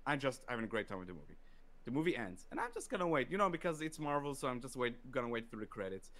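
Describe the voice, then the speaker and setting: Guy ranting through a story on a podcast, lively swinging pitch, cursing a ton. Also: fast. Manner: animated, profane storytelling with acted-out quotes. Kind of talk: casual chat, storytelling.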